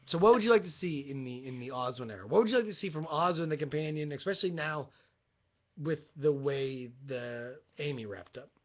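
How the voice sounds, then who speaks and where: Young guy cohosting a fan podcast, kinda high pitched, teasing, muffled stream audio. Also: a little fast. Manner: joking, teasing. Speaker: podcast co-host. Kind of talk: casual fan podcast chat. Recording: dull lo-fi livestream audio.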